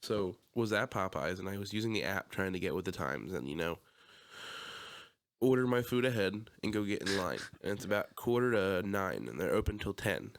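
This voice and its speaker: Low-voiced Philly-area man ranting. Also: normal speed. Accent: Philadelphia area. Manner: animated, swears, acts out quotes loudly. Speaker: podcast co-host. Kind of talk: casual chat, storytelling.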